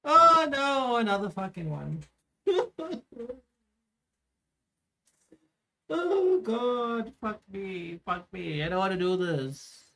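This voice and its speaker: A woman's voice: medium pitch, sing-song, extremely slow, gravelly, pauses often, pushed and bright. A woman streamer reacting to clips in a profane, mocking rant, swearing heavily.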